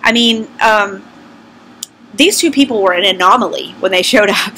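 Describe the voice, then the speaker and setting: A middle-aged woman with a Southern US accent talks to her viewers in a loose, conversational vlog. Her voice has a bright, forward edge at an ordinary middle pitch. She speaks candidly and pokes fun at herself as she recalls her own past. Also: moderate pace, a little hiss or hum, low-quality recording. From American South. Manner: candid, self-deprecating, conversational. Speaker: vlogger. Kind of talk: casual personal storytelling.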